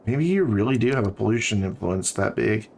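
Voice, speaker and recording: A man's voice: lowish voice, expressive, a little fast, vocal fry, darkish tone, slight background noise. A man streaming a city-building game, chatting casually and thinking aloud as he builds. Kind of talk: casual let's-play commentary.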